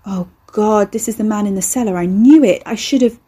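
A woman's voice: mid-range voice, a little fast, mellow, slightly rough, lightly acted. A woman voicing a frazzled, bruised young woman who talks in an incredulous, exasperated way. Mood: aghast.

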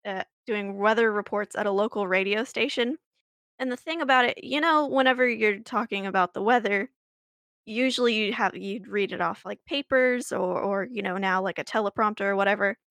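A woman's voice: mid-range voice, moderate pace, fairly bright tone, smooth, dry recording, clean studio sound. A woman co-hosting a podcast, telling a story in a chatty, laughing way with many fillers and restarts. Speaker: podcast co-host. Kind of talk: casual chat, storytelling.

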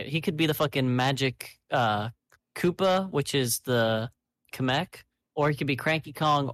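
A man's voice: on the high side, a bit bright, dry recording, studio quality. A man co-hosting a podcast in casual chat, blunt and profane, riffing in long rambling runs. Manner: blunt, swears a lot, rambling riffs. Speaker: podcast co-host.

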